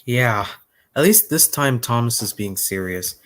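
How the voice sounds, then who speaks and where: A man's voice: medium pitch, animated, a little slow, a bit bright. Young man chatting casually, short replies. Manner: brief, agreeing replies. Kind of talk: casual chat.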